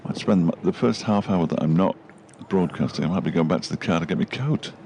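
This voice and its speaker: A man's voice: deep voice, fairly quick, darkish tone. A man co-commentating live on cricket, with dry, wry asides, from a windy gazebo at the ground.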